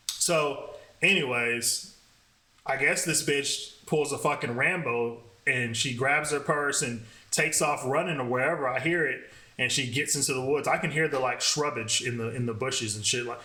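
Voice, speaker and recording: Profane, bright-voiced man telling a story. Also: medium pitch. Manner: profane, animated, fast talking. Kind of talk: casual storytelling vlog. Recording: roomy echo.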